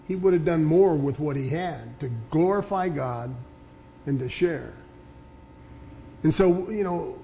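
A man preaching a sermon, earnestly explaining scripture and reading passages aloud with slow emphasis. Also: on the high side, warm tone, slight background noise.

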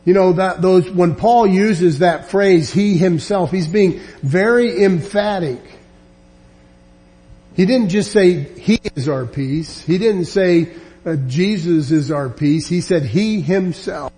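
Male Bible teacher, fairly high voice, warm tone, earnest, restarts a lot. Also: slow pace. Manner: earnest, emphatic, with frequent restarts. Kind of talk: verse-by-verse Bible lesson.

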